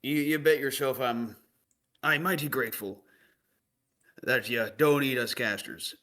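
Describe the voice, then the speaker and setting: A man's voice: medium pitch, measured pace, sharp tone. A man voicing a folksy male adventurer who speaks in a cowboy drawl.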